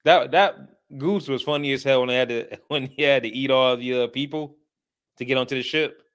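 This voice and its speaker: A man's voice: mid-range voice, fairly quick, a bit bright, smooth. A man co-hosting a casual movie chat, teasing and laid-back. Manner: teasing, laid-back, laughs at his co-host. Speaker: movie review co-host.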